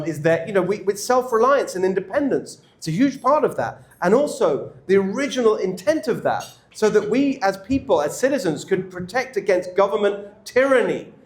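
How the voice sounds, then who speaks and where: A man with an English accent answering audience questions at a campaign event, emphatic and energetic. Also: high voice, a little hiss or hum. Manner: emphatic and energetic, quick restarts. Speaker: political candidate speaking at a club event. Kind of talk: campaign Q&A speech. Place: indoor event room with an audience. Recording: echoey room.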